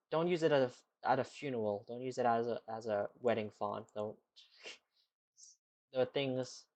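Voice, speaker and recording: Man, live streamer, casual chat, rambling, filler-heavy, mid-pitched voice. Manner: rambling, full of "like" and "you know".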